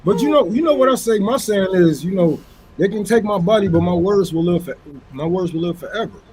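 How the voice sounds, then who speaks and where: Casting: high-voiced man, fiery activist, profane, hammering repetition. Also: lively intonation, brisk, a little mellow, slight background noise, rough recording. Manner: fiery, profane, repeats phrases for emphasis. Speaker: activist panelist. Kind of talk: impassioned political rant.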